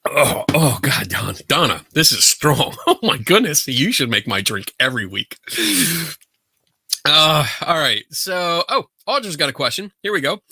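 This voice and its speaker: A man hosting a podcast, telling a story in a casual, animated, rambling way from a home setup. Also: a little high, unhurried, slightly rough, no echo, clean studio sound. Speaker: podcast host. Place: home setup for a virtual show.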